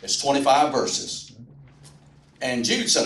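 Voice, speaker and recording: A man's voice: on the low side, moderate pace, a bit bright, a little hiss or hum. A man giving a folksy, humorous rally speech, telling an anecdote to a crowd. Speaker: speaker at a political rally. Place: indoor rally venue. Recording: roomy, distant mic at a rally.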